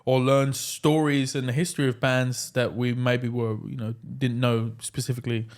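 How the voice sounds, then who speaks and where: A man's voice: medium pitch, level tone, normal speed. Chatty male comedian hosting a podcast. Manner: chatty, teasing, reads aloud then drifts off. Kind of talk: casual podcast banter.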